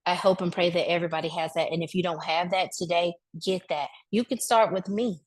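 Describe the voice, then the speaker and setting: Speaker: woman with a lowish voice, giving a motivational grief talk in a loose, colloquial preaching style. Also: a little fast. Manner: conversational preaching, addresses the crowd directly; relaxed colloquial speech with vivid asides. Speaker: speaker at a wellness event.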